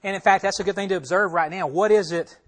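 A man's voice: high-pitched, fairly even intonation, fast, fairly bright tone. A man teaching a Bible passage as a pastor, conversational, asking his listeners questions and repeating himself as he talks it through. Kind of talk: expository sermon.

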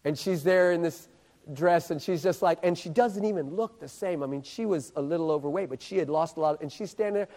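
A man preaching, telling a story as a sermon in an animated way and building suspense with repeated questions. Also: on the high side, brisk. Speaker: street preacher. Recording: echoey hall.

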